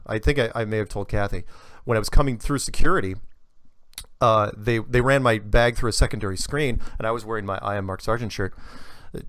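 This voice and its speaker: A man telling an animated, rambling story in casual conversation, with many restarts. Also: lowish voice, dry recording. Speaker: guest speaker.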